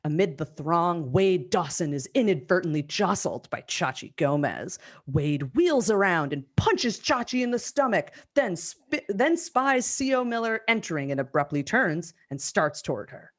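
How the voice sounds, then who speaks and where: Woman host reading stage directions on a call, low voice, brisk and amused. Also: big pitch swings. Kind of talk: live script reading narration.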